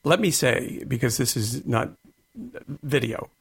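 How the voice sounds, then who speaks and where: A man's voice: mid-range voice, unhurried, vocal fry, husky. A man appearing as a studio guest on a radio talk show, playful and joking as he chats. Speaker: guest, beauty expert and author. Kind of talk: casual radio interview.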